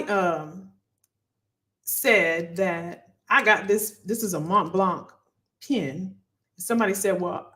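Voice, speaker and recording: Woman, live-stream career coach, chatty and upbeat, roomy echo. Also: fairly low pitch. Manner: lively, encouraging, talks to the audience as "y'all". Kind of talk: live stream Q&A, casual advice.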